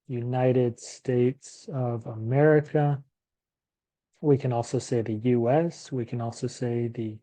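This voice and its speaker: Man, teacher, slow careful delivery, mellow tone, patient repetition. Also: medium pitch. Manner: patient, repeats words slowly, thinks aloud. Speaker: English teacher. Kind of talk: slow classroom lesson for Spanish speakers.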